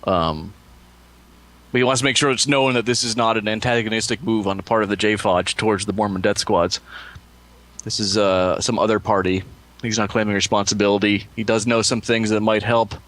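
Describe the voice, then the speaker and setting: A man's voice: fairly low pitch, fairly even intonation, brisk, fairly bright tone. A man narrating as game master in a tabletop game, laughing often as he talks.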